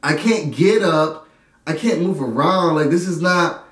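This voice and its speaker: A young man telling a story in an animated way, often laughing and acting out his friends. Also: on the high side, a little slow. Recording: echoey room, a bit far from the mic.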